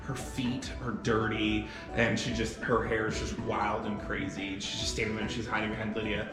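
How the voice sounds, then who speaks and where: A man running a tabletop game, narrating in a relaxed, descriptive way from a distance off the mic. The room is roomy and echoey, and music plays behind him. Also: fairly low pitch, moderate pace, few pauses. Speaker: game master.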